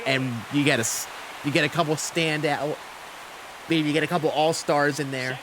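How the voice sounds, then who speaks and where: A man's voice: fairly high pitch, fairly even intonation, moderate pace, background noise. A young man chatting casually on a live game stream, rambling with lots of fillers as he answers chat.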